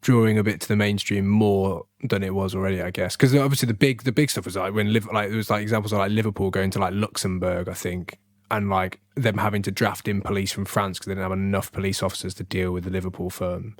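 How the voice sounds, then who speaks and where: A man's voice: low-pitched, little pitch movement, fast. A man co-hosting a casual film podcast, rambling and laughing often. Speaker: podcast co-host.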